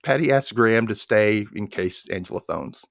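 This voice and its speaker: A podcast co-host casually recaps a TV episode scene by scene, retelling it with animation and briefly voicing the characters' lines. His voice is on the low side with vocal fry, at a normal pace. The recording is dry and studio quality.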